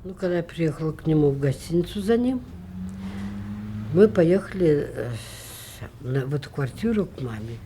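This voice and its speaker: A woman's voice: low-pitched, animated, normal speed, background noise. A woman recalling events in a loose, chatty way, often falling back on filler phrases. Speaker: interviewee. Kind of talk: conversational recollection.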